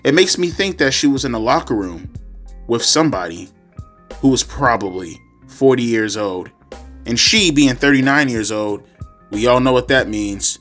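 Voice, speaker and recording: A man's voice: mid-range voice, animated, normal speed, fairly bright tone, faint music behind. A man ranting sarcastically and profanely about a wrestling show in a casual vlog. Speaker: wrestling commentary vlogger. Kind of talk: profane rant.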